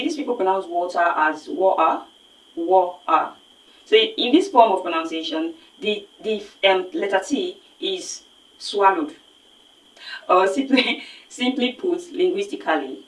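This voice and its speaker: A woman's voice: on the low side, lively intonation, unhurried, far from the mic. A woman with a Nigerian English accent giving an online phonics lesson, explaining emphatically and repeating words to model them. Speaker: phonics teacher. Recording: echoey room, voice set back from the mic.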